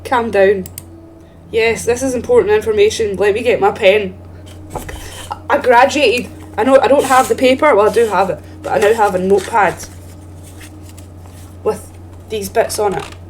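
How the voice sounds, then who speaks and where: A woman's voice: mid-range voice, normal speed, long pauses, slight background noise. A woman doing chatty, giggly, self-mocking commentary while streaming a game. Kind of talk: playful let's-play commentary.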